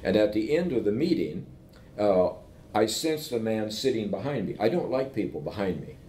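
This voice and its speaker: Lower-voiced man telling lively anecdotes, roomy. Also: moderate pace. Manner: animated anecdotes, keeps checking in with "okay?". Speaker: invited professor speaking with entrepreneurs. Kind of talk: conversational storytelling. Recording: roomy echo with faint rumble.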